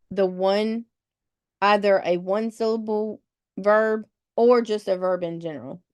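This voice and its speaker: A woman's voice: mid-range voice, a little mellow, clear, resonant tone. A woman leading a test-prep webinar, patiently explaining rules step by step and spelling words out letter by letter. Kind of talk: live webinar teaching.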